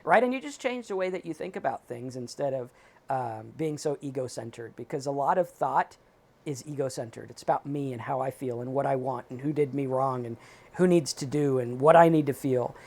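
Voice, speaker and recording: A man co-hosting a recovery talk show, giving casual advice in an animated, emphatic way and acting out his own inner thoughts. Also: mid-range voice, fairly quick, creaky. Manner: animated, emphatic, talks in quoted self-talk. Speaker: podcast co-host.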